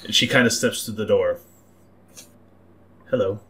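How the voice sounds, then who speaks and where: A man narrating a tabletop role-playing game as game master, describing scenes in a halting, repeating way. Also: fairly low pitch, pushed and bright.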